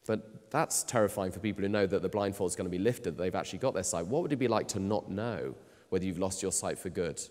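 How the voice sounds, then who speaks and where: Emphatic male preacher in a reverberant hall. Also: fairly low pitch. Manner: emphatic, swinging from loud to quiet. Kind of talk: sermon.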